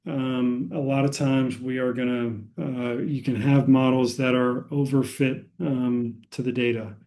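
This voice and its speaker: American man, statistics instructor, slow and mellow, lots of ums and restarts. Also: medium pitch, little pitch movement. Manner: frequent fillers and restarts, unhurried explaining. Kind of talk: lecture.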